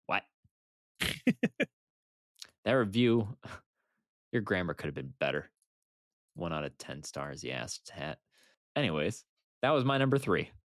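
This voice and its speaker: A man co-hosting a casual podcast, animated and laughing often as he retells funny movie moments. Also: low voice, slow, long pauses, no echo, clean studio sound. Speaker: podcast co-host. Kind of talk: casual chat.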